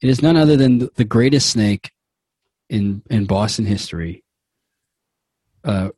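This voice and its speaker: Slow, rambling game master man. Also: fairly low pitch, dark tone, breathy edge, no echo. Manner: giggly, rambling, full of fillers. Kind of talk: narrating a comedic tabletop game.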